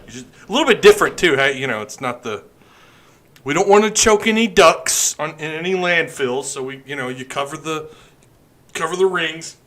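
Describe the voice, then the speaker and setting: A man hosts a casual live stream, rambling and joking between sips of beer. His voice sits a bit high for a man and sounds bright and forward. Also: expressive, moderate pace. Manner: rambling, joking, drinking beer while talking. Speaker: podcast host.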